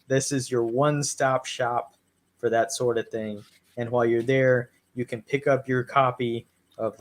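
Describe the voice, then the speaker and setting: A male podcast co-host with a voice of ordinary pitch. He talks in a loose, crude way, swears a lot and cracks jokes as he rambles through a recap. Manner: profane, wisecracking, rambling recaps. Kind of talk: crude casual chat.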